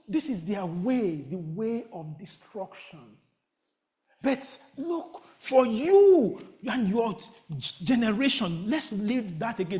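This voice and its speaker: A man preaching a sermon in a church, asking the congregation call-and-response questions and rising to near shouts. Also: very high voice. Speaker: pastor. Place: church sanctuary.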